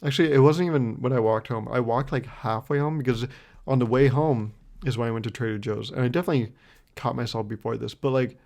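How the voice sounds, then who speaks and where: A young man talks alone on his podcast, laughing at himself as he rambles through a story. His voice sits at a middling pitch, and his talk is loose and profane. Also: fast talker, darkish tone. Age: 20s. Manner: rambling, self-mocking, laughs often, swears freely. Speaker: podcast host. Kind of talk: solo comedic storytelling.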